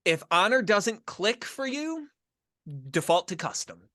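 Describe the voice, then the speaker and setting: A middle-aged man from the northern United States, co-hosting a casual podcast chat with a joking, animated manner and quick restarts. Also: high-pitched, no room sound, studio quality. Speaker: podcast co-host.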